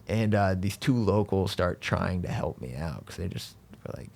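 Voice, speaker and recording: A man tells a rambling, self-deprecating story as a comedian guest on a podcast, filling his talk with "like" and "dude". His voice sits very low and has a gravelly crackle. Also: expressive, normal speed, darkish tone.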